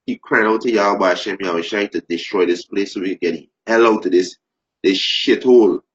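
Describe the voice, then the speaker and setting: A man preaching fervently, repeating phrases, restarting sentences and rising into loud emphasis. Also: on the low side, brisk. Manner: repetitive, stumbling restarts, rising to shouted emphasis. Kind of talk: impassioned preaching. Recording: dull lo-fi recording.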